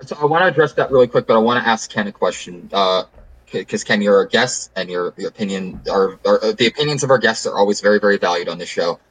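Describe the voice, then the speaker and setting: A man's voice: on the low side, fast talker, a bit bright, rough recording. A man hosting a casual sports podcast, making his point with emphatic, repetitive phrasing. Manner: emphatic, repeats words while building an argument. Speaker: podcast host.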